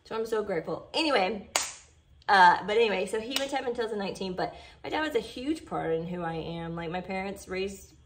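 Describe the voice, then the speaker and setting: A woman's voice: medium pitch, expressive, quick pace, a little hiss or hum. A woman chatting heartfelt to her followers in a casual vlog, full of "like" and "you know". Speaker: vlogger.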